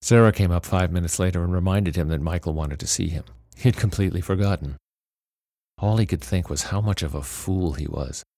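A man reading a novel aloud as narrator in a steady, measured way. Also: deep voice, no room sound, studio quality. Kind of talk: storybook narration.

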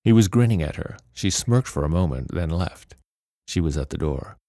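A man narrates a novel aloud in a steady, measured reading. His voice is very low and gravelly. The recording is dry and close. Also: no room sound. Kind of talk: storybook narration.

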